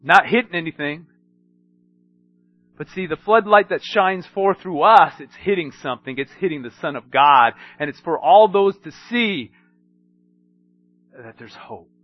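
Male preacher, sermon, high and lively, hushed to emphatic, dry lo-fi sound. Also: measured pace, dry recording. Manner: swings between hushed and emphatic, storytelling.

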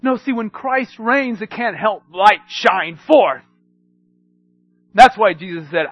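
Male preacher, sermon, high and lively, hushed to emphatic, dry lo-fi sound. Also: takes it slowly, dry recording. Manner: swings between hushed and emphatic, storytelling.

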